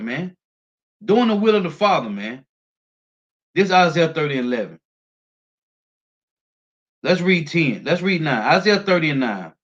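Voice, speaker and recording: A man preaching a street-style sermon, reading scripture aloud and talking emphatically, often ending phrases with a low, tossed-off "man.". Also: a bit bright, dull audio.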